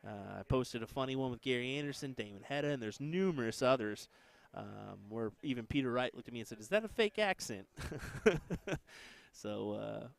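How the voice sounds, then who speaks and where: A man's voice: mid-range voice, brisk, gravelly, few pauses. A man with an American accent hosting casual live-stream darts commentary, chatting with viewers between matches. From United States.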